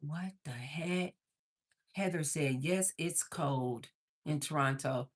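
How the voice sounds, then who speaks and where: A woman from Missouri hosts a casual livestream in a low-pitched voice at a slow pace. Chatting and laughing often, she reads viewer comments aloud, slightly winded from moving around.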